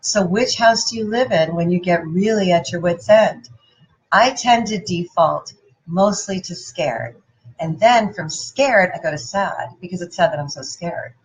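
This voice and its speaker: A woman giving a playful, animated motivational talk and putting questions to her audience. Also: lowish voice, measured pace, lo-fi sound. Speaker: motivational speaker.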